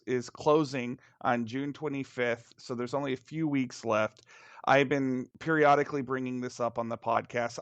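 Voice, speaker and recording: A man's voice: medium pitch, no room sound, lo-fi sound. A man who writes comics, chatting casually and enthusiastically on a podcast, with some restarts.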